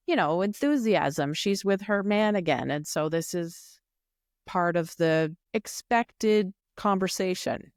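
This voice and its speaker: A woman co-hosting a casual show recap, explaining her views in a thoughtful, measured way. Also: on the low side, expressive, no room sound, studio quality. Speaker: recap podcast co-host. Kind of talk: casual chat reviewing a reality show.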